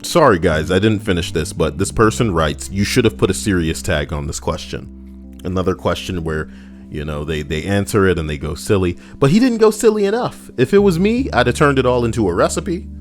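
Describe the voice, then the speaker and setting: A man with a very low voice reads stories aloud for his channel. His pitch swings widely as he drifts into joking, rambling asides and tosses in casual swearing. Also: lively intonation, fairly quick, soft background music. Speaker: channel host reading stories. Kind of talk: reading stories with joking commentary.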